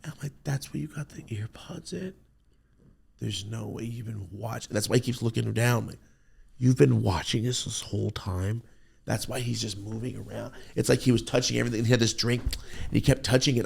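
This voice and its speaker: Gravelly man telling a wild story. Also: mid-range voice, brisk. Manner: profane, excitable, acts out his own reactions. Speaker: podcast host telling a story. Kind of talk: animated storytelling.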